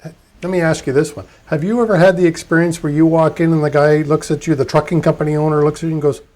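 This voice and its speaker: A male podcast host with a somewhat high voice. He asks his guest questions in a relaxed, joking way. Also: quick pace. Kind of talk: casual interview questions.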